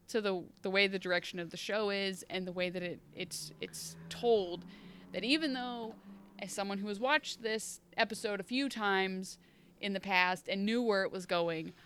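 A woman's voice: medium pitch, fairly bright tone, slight background noise. A woman co-hosting a podcast and recapping a TV episode in casual chat. She rambles, interrupts herself, and sounds wry and emotional.

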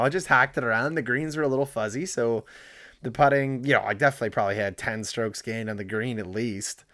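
A man's voice: medium pitch, fairly bright tone, no echo. A man co-hosting a casual sports podcast in a middle-range voice. He rambles through his points, restarts often and pokes fun at himself. The sound is dry and close, with no room around it. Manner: rambling, self-deprecating, many restarts. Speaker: podcast co-host.

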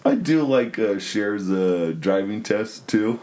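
A man with a fairly low, warm, dark-toned voice talks loosely and unhurriedly about a film. He wanders through his points with plenty of fillers and restarts. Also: takes it slowly, slight background noise. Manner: relaxed, rambling, many fillers. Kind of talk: casual movie discussion.

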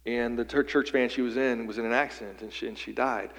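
A man from western Pennsylvania preaches a sermon in a loose, conversational storytelling style, often doubling up his words as he goes. His voice sits at an ordinary middle pitch. It carries a long reverb from a big hall. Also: fairly even intonation, quick pace. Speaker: pastor.

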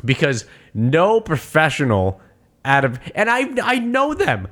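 A man casually recapping a movie scene, animated and profane, laughing often and acting out quotes. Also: fairly high pitch, unhurried. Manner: profane, slangy.

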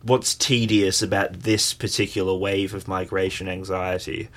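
A man's voice: low-pitched, flat delivery, normal speed, a bit bright. An Australian man co-hosting a casual political chat, wry and digressive, with casual swearing.

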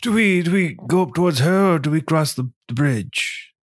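A man playing a character in a tabletop game, animated and joking. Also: fairly high pitch, normal speed. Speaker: player.

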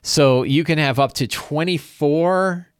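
A man's voice: on the high side, slow, smooth, dry recording, studio quality. A man acting as game master, casually thinking aloud on a livestream, often checking in with "right?" and restarting his phrases. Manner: frequent restarts and repeated words.

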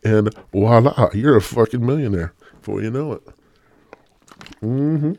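A man's voice: medium pitch, measured pace, a little mellow, a little hiss or hum. A man hosting his own podcast, rambling through a casual rant full of swearing and sardonic jokes. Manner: sardonic, joking asides. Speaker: podcast host.

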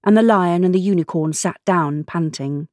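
A woman volunteer reading a classic storybook aloud in an expressive, animated way. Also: fairly low pitch, normal speed, no echo, clean studio sound. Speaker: volunteer reader.

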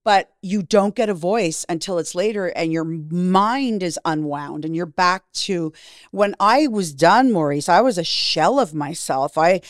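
A middle-aged Canadian woman, a guest in an interview, tells personal stories candidly and bluntly, with some swearing and acted-out quoted voices. Her fairly low voice has lively intonation and a slightly slow pace, in an echo-free, studio-quality recording.

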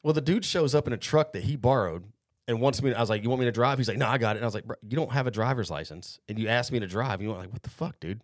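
Dude host rattling off a crazy story, swears a lot, talks fast. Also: male voice, mid-range voice. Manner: profane, rambling, animated storytelling. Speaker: podcast host. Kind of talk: casual storytelling chat.

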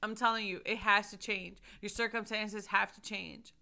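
A middle-aged woman, a mother and ministry leader, preaching fervently and shouting praise. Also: medium pitch, steady tone, moderate pace, creaky. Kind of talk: sermon.

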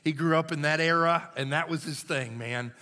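Folksy pastor in a reverberant hall. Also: male voice, on the high side, normal speed, bright, forceful tone. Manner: folksy and conversational, says "man" a lot. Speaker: lead pastor. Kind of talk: storytelling sermon. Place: church sanctuary. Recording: church hall with long reverb.

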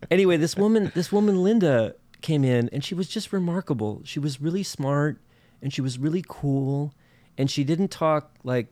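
A man's voice: on the high side, darkish tone, dry recording. A man from northern Minnesota, a podcast guest telling a story in casual chat with many fillers and restarts. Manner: halting, many fillers and restarts, laughs often.

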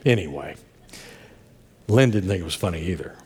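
A man preaching a sermon as pastor, telling stories with self-deprecating humor and a husky voice. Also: sits low, animated, moderate pace, a little mellow. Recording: long hall reverb.

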